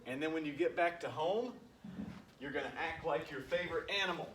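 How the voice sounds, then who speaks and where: Counting reps as he does the exercises himself, a PE coach urges his class on in an instructional workout video. His voice is fairly high, a bit bright, and fairly quick. It's recorded from a distance in an echoey room, with a little hiss or hum.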